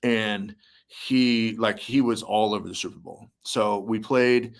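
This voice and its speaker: A man's voice: on the low side, measured pace. A young man, a musician and army veteran, telling stories casually in an interview, acting out quotes between many fillers. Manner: animated storyteller, acts out quotes, many fillers.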